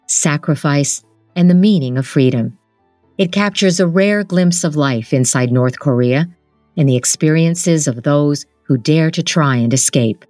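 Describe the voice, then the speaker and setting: A woman host calmly reading a novel excerpt aloud, in a gentle storytelling manner. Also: low-pitched, no room sound. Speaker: podcast host and reader. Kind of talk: scripted narration.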